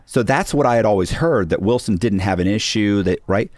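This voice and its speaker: A man's voice: lowish voice, expressive, brisk, darkish tone, dry recording. A middle-aged man, a podcast guest, telling a story casually with restarts and acted-out quotes of other people. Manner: rambling, restarts, acts out quoted dialogue.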